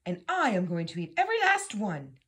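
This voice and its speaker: A woman's voice: mid-range voice, huge pitch swings, brisk, fairly bright tone, husky, heavily acted. A woman playing a greedy whining mouse. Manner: sulky, grabby, whining. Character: greedy, selfish male mouse with a cottage.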